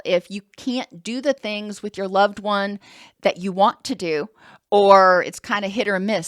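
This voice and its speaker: A woman counselor giving a calm, explanatory educational talk, with the occasional um. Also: mid-range voice, no room sound, clean studio sound.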